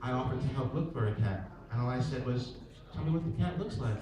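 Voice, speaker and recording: A man's voice: medium pitch, fast. Comic man at an open mic. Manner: conversational, acts out little scenes with shifting voices. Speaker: stand-up comedian. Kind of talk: stand-up set at an open mic. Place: small bar at an open mic night. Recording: echoey room, mic heard from a distance, crowd laughter.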